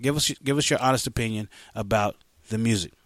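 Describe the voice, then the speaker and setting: A man's voice: fairly low pitch, quick pace, fairly bright tone, no room sound, clean studio sound. A man hosting a casual talk radio show, playful and loose, often repeating himself as he talks.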